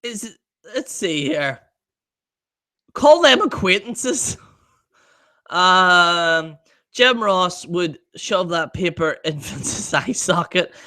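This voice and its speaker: A man with a notably high, bright voice rants to his live-stream audience in exasperated disbelief. His delivery is slow and drawn out, and it swoops wildly up and down in pitch. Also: lively intonation. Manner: exasperated and incredulous. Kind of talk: ranting live-stream chat.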